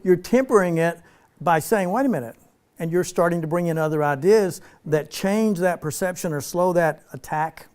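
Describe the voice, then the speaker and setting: A man's voice: a little high, clean tone. Laid-back man teaching a spiritual group. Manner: relaxed, playful, laughs often, slows for emphasis.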